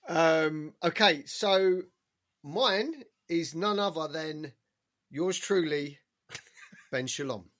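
A man's voice: on the high side, extremely slow, fairly bright tone. A man, a podcast co-host in casual sports chat, ranting heatedly and swearing a lot.

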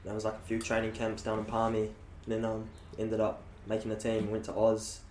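A laid-back young man in his late teens with a New Zealand accent chats casually as a guest, telling stories stuffed with filler words. His voice is fairly low, monotone and darkish, and he speaks fairly quickly. The room is echoey, with a faint hiss.

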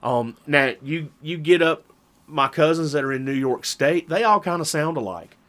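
A man's voice: on the high side, expressive, normal speed, fairly bright tone. A man with a Southern Virginia drawl, telling rambling stories in casual chat as a podcast co-host. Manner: rambling storyteller, chuckles often.

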